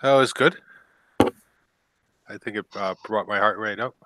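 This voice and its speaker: A man's voice: on the low side, a little slow, sharp tone, a little hiss or hum, low-quality recording. A man in casual group chat, laid-back and self-mocking. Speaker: chat participant.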